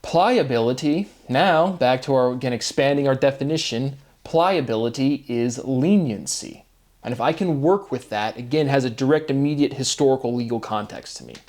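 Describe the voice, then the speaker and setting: A man's voice: mid-range voice, moderate pace, darkish tone. A man speaking a rambling solo monologue, free-associating wordplay, asking himself rhetorical questions and tagging lines with "right?". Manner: often tags lines with "right?" and chuckles at himself. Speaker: solo video monologue host.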